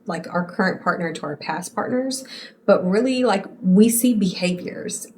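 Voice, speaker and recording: A woman's voice: medium pitch, lively intonation, normal speed, a little mellow, slight background noise. A woman in her late twenties hosting a podcast alone, talking candidly and casually to her listeners, calling them y'all and swearing now and then. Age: late 20s. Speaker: podcast host. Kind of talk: casual solo podcast monologue.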